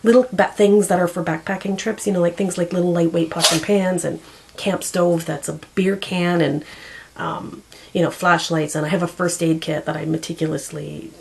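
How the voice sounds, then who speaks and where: Gravelly-voiced woman in her forties. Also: fairly low pitch, fairly even intonation, moderate pace, a little hiss or hum, low-quality recording. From Canada. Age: 40s. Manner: rambling, searching for words, many fillers. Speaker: vlogger. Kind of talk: casual chat to camera.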